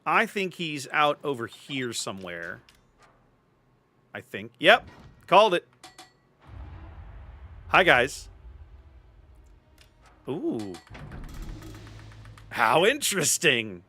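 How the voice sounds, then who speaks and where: A man's voice: on the high side, big pitch swings, drawn-out words, long pauses, sharp tone. A man streaming a video game, chatting casually with viewers and often repeating words as he thinks. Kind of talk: casual live-stream commentary.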